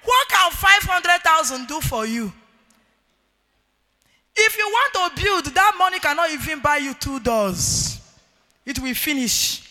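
A middle-aged Nigerian woman preaches to a women's gathering, her voice very high and intensely bright. She shouts emphatic points and slides into sing-song cadences. The sound rings with the long reverb of a large hall. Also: sing-song, a little slow, pauses often. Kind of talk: sermon to women.

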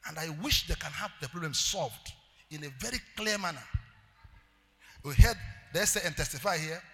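A male pastor preaching a sermon, calling out to the congregation and building up to loud shouted declarations. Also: a little high, animated, moderate pace, in a large hall. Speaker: pastor, evangelist.

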